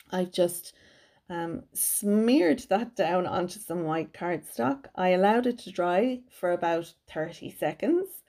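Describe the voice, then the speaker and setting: A woman's voice: lowish voice, dark tone. A woman giving a chatty, cheerful craft tutorial voice-over from her home craft room. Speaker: card-making crafter.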